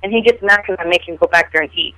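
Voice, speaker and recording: A woman's voice: on the low side, racing, no echo, rough recording. Exasperated woman venting, dry sound. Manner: animated, exasperated storytelling. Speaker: podcast co-host. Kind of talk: casual podcast chat.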